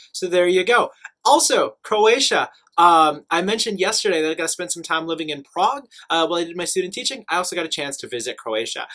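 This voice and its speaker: A young man tells a travel story straight to the camera in a chatty, animated voice. His tone is bright and forceful and sits a little high for a man, and he keeps the talk loose with plenty of ums and asides. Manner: animated, chatty, many fillers. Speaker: teacher telling travel stories.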